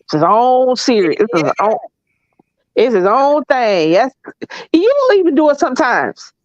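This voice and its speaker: A blunt, opinionated woman with a Southern US accent holds forth in casual chat and drags words out to make a point. Her voice sits a little high. The sound is dry and a bit dull. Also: big pitch swings, no room sound. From American South. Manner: blunt, opinionated, drawn-out emphasis. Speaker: co-host.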